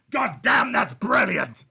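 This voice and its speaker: A young man hosting a live wrestling watch-along stream, chatting in a jokey, animated way and acting out little scenes with sudden shouted bits. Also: high voice, unhurried.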